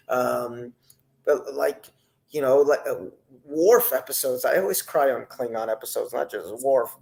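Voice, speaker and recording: A man giving a casual, rambling spoken review of a TV episode, animated, with many fillers and restarts. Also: mid-range voice, creaky, poor audio.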